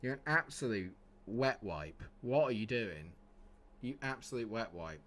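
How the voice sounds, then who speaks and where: A man's voice: mid-range voice, lively intonation, unhurried, fairly bright tone. A young man streaming a football management game, chatting with viewers and breaking into exasperated outbursts. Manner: banter with chat, sudden exasperated outbursts. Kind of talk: casual livestream commentary.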